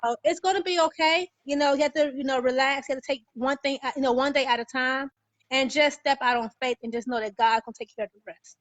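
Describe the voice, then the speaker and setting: Woman guest, high voice, earnest, halting, casual testimony, dry close sound. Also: fairly even intonation, dry recording. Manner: earnest, halting, many "you know" fillers. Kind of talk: casual faith-filled testimony.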